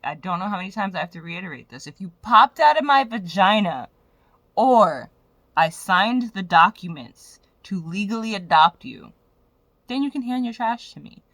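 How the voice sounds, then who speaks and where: A young woman speaks straight to her vlog audience, frank and profane as she rambles through her story. Her voice is bright and forward. The sound is dry and close, with no room ring. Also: fairly low pitch, no room sound. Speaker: vlogger. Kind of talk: candid personal vlog rant.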